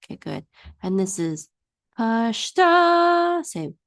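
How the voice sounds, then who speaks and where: A woman teaching a one-on-one Hebrew reading lesson, patiently singing each word out slowly for her student to repeat. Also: lowish voice, creaky, no room sound, studio quality.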